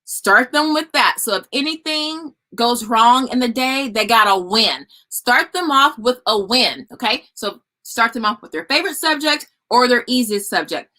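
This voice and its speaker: A woman's voice: a little high, animated, normal speed, few pauses, sharp tone. A woman hosting a casual live stream, giving homeschooling advice and talking to viewers as y'all. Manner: chatty, addresses viewers as y'all.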